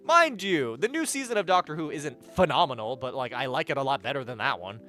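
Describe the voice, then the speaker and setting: A young adult man streaming live, chatting casually with viewers in a rambling, profane, animated way. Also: medium pitch, fairly quick, soft background music. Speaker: livestreamer.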